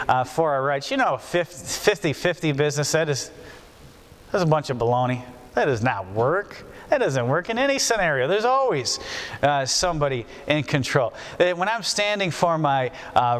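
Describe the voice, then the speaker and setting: A man's voice: fairly high pitch, a bit bright, clean tone. Folksy preacher man in a reverberant hall. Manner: folksy, repeats phrases for emphasis. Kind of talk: sermon.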